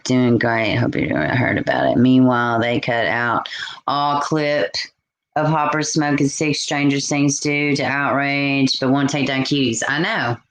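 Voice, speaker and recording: A woman hosting a casual live stream, chatting and reacting out loud to viewer comments. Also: very deep voice, reverberant. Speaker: live-stream host reading chat.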